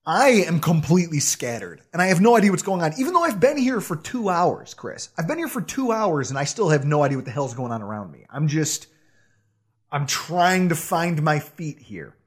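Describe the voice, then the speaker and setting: A man co-hosting a podcast, telling a self-deprecating story in a casual, animated way with frequent laughs. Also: on the high side, breathy edge. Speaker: podcast co-host.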